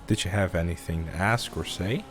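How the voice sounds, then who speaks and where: A man's voice: sits low, fairly quick, background noise. Teasing male streamer, swears freely. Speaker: streamer host. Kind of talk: casual live stream chat. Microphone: streaming mic through a mixer.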